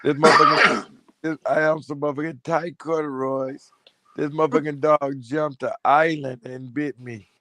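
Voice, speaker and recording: A man's voice: a little high, level tone, moderate pace, heavy background noise. A man telling stories in a loose, profane, laughing way during a casual chat.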